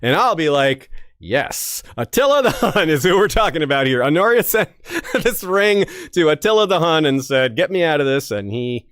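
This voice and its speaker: A man hosting a lore commentary podcast, talking casually and animatedly, with fillers and quick self-corrections. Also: medium pitch, a bit bright, dry recording, studio quality. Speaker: podcast host.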